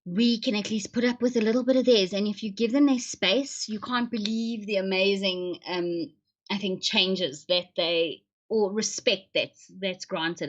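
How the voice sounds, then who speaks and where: Through dull lo-fi stream audio, a livestream host with a mid-range voice and normal speed chats casually with her viewers, frequently joking and laughing.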